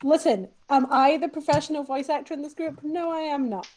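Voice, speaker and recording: A woman with a Glaswegian accent trades teasing jokes with her game group. Her voice sits a little high and her delivery is dry and wry. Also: brisk, darkish tone, poor audio. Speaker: tabletop game player. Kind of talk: casual chat among players.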